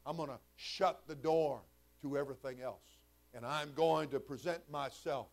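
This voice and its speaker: A man preaching a sermon as pastor, shifting from quiet, folksy talk to loud, shouted preaching. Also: medium pitch, moderate pace, creaky. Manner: conversational, folksy asides.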